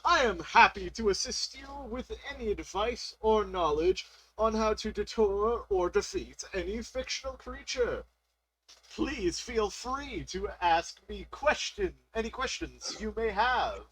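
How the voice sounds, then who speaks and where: A man's voice: sits high, expressive, a little slow, pushed and bright, heavily acted, rough recording. A man reading a chatbot's reply aloud as Leonard, a formal monster-hunter expert, in a stiff, polite manner.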